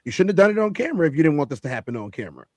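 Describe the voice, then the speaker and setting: A man's voice: on the high side, big pitch swings, very fast, no room sound. A man hosting a heated panel discussion, emphatic and repeating phrases for stress.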